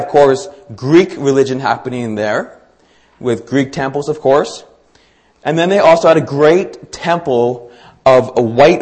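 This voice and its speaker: A man's voice: mid-range voice, darkish tone. A man preaching a sermon to his congregation, talking in a conversational way with fillers and small restarts. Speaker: pastor.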